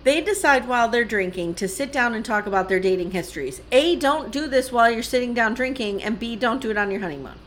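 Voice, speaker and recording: Female podcast co-host, casual recap chat, blunt and profane, quick laughs, animated higher voice. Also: slight background noise. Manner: blunt, swears, laughs often.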